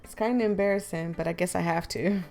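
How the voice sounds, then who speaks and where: A woman's voice: fast talker, vocal fry. A woman doing a dry, awkward teen boy. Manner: lowered, dry and flat. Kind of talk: voice acting a visual novel.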